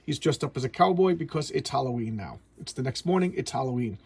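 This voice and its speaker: A man talks casually through a comic book, recorded at home on a camera mic. His voice is husky and sits at an ordinary pitch. He rambles and often stumbles over restarts. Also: animated, quick pace, darkish tone, no echo.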